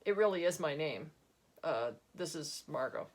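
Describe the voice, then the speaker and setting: A woman's voice: sits low, animated, moderate pace. A woman voicing an awkwardly polite father who speaks in a stiff, courteous way.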